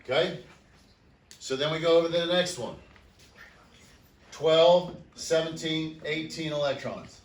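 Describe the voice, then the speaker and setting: A man's voice: fairly high pitch, measured pace, pauses often. A male chemistry teacher giving an upbeat, joking classroom lecture, counting aloud and quizzing his students. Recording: echoey classroom, mic far off.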